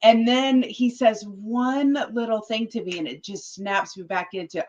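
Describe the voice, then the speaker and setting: A woman guest telling a story in a casual interview, animated and quoting others as she goes. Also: fairly high pitch, a little slow, lo-fi sound. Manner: animated, quotes other people in their voices. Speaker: political guest.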